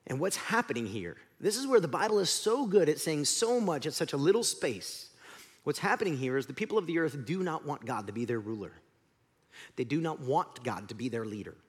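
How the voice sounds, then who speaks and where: A male pastor preaching a sermon, telling the story with lively acted-out voices. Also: on the high side, brisk, slightly rough. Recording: long hall reverb.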